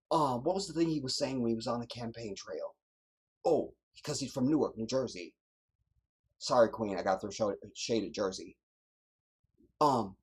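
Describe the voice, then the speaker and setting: Husky-voiced man ranting on a livestream. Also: mid-range voice, animated, normal speed, long pauses, a little mellow. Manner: emphatic, preachy, repeats phrases. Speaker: livestream host. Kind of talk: livestream commentary.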